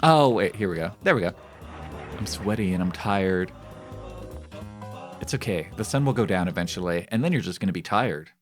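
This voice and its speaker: A man's voice: low voice, expressive, normal speed, pauses often, soft background music. A male streamer giving casual, joking commentary while playing a game, rambling and reading game text aloud. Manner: repeats phrases in shifting voices.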